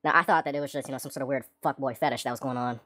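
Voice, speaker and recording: A low-voiced woman rattles through a story at speed, swearing constantly and wandering off into joking asides. Her delivery is casual and rambling, like a vlogger talking straight to the camera. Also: fairly even intonation, very fast, a bit bright.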